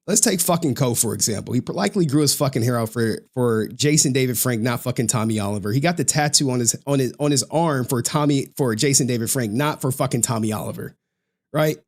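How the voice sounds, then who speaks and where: A man's voice: mid-range voice, darkish tone. A man on a livestream ranting in a slangy, profane, trash-talking style, laughing often. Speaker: streamer.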